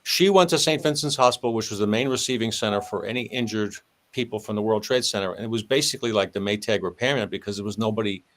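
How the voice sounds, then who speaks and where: A man's voice: on the low side, fast, hardly any pauses. A man, a former police sergeant, telling a long story in conversation and acting out the voices of the people in it. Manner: animated, acts out dialogue with shifting voice.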